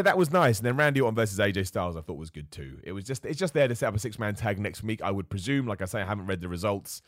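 Fast-talking animated man recapping wrestling. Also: fairly low pitch, dry recording, studio quality. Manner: chatty, opinionated, animated. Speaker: wrestling commentator host. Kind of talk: casual wrestling recap talk. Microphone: close mic.

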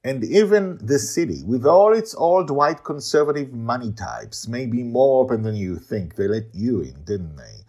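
A man's voice: mid-range voice, animated, moderate pace, few pauses, darkish tone, voice pushed up, lightly acted. A man doing a charming, defensive grown man.

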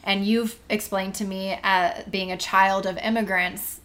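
Woman host asking long careful questions, average pitch. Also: lively intonation, a bit bright. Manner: measured, framing questions at length. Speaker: interview host. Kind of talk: interview.

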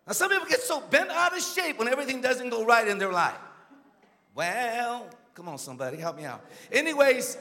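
A man's voice: very high voice, very animated, moderate pace, pushed and bright, big-room sound. A man preaching a sermon as a guest speaker, emphatic and calling out to the congregation.

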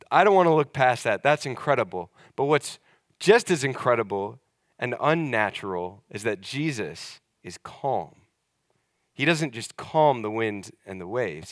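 Young guy pastor preaching, chatty but stresses words slow, dry close sound. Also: medium pitch, expressive, no echo. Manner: conversational, emphatic with slow deliberate stresses. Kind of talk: sermon.

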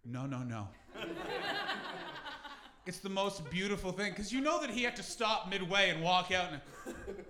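A Canadian man performing a stand-up comedy set in a club, animated and slipping into mocking character voices. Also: high-pitched, normal speed, background noise. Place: comedy club with a live audience. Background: audience laughter.

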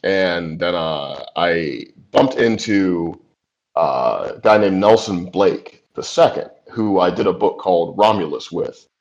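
A man's voice: low voice, takes it slowly. A man in his forties, a screenwriter being interviewed, telling stories in a loose, chatty way, full of "like" and "you know" asides and easy laughter. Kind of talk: casual storytelling. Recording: dull lo-fi recording.

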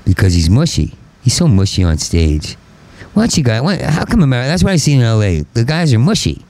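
A man, a stand-up comedian, in a profane rambling rant, stuttering and repeating syllables and swinging into angry shouting. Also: mid-range voice, very animated, a little fast.

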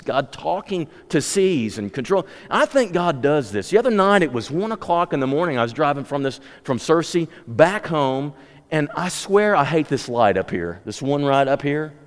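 A man preaching a sermon, conversational at times and rising to impassioned exhortation. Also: on the high side. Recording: long hall reverb.

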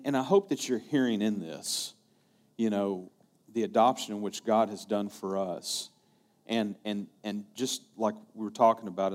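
A man's voice: fairly low pitch, a little mellow. A male pastor preaching a sermon, telling a story earnestly and often repeating his words.

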